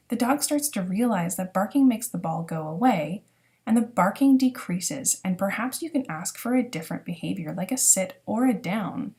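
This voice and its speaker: A woman narrating a dog training lesson at a middle pitch. She explains each step clearly and plainly, like a teacher walking new students through the basics. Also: warm tone. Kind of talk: recorded lecture narration.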